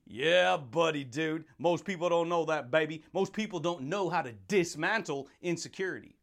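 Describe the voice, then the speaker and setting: A man's voice: fairly high pitch, normal speed, creaky, a bit bright. A man hosting a motivational podcast, hyped and slangy, laughing often and calling listeners baby and dude. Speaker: podcast host.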